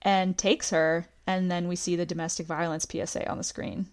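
A woman's voice: on the low side, level tone, moderate pace. Chatty woman podcast host. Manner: chatty, recounts scenes with quoted lines, frequent "like". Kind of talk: casual podcast recap.

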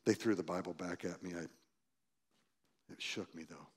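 Pastor, man, 60s, storytelling sermon, lively and shifting in loudness. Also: moderate pace, breathy edge. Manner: animated, acts out quoted voices loudly, then drops low and quiet.

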